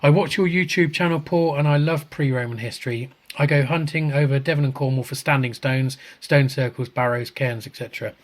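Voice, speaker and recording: A man with an ordinary mid-range voice co-hosts a relaxed podcast over a video call. He reads viewer comments aloud with frequent chuckles, and he trips over and restarts his sentences. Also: medium pitch, brisk, hardly any pauses. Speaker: podcast co-host. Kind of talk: casual chat, reading out viewer comments.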